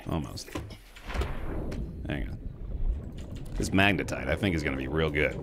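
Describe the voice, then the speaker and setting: A man's voice: rumbling low, moderate pace, background noise. A man streaming a video game live, chatting casually and rambling between remarks on the game. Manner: chatty, rambling, jumps to loud yelps when startled.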